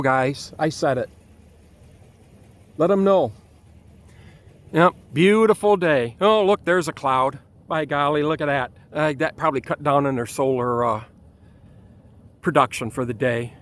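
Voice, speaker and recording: A man ranting outdoors in a vlog with an angry, exasperated manner and frequent restarts, with a Michigan accent. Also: on the high side. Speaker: vlogger.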